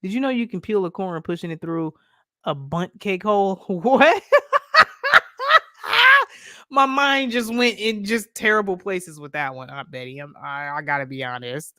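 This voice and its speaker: A woman from Detroit hosting a casual livestream, reading viewer comments aloud in a playful, animated way and laughing often. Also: on the low side, measured pace, no room sound, clean studio sound. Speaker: livestream host.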